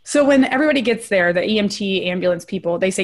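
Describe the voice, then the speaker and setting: A middle-aged woman, a trauma researcher, candidly telling her personal story as a guest in an interview and often checking in with a quick "right?". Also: medium pitch.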